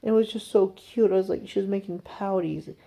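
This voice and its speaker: A man's voice: sits high, fairly quick, vocal fry, dark tone. A man telling a rambling, conversational story to camera in a casual vlog. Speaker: vlogger.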